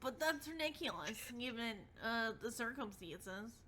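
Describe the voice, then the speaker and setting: A woman's voice: a little high, expressive, a little slow, a crowd in the background. A woman reading a meek, timid young troll boy from a webcomic aloud, hesitant and reluctant.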